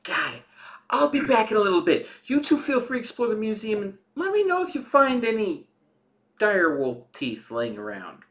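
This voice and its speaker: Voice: medium pitch, very animated, moderate pace. A player speaking in character as a flustered museum keeper in a tabletop role-playing game.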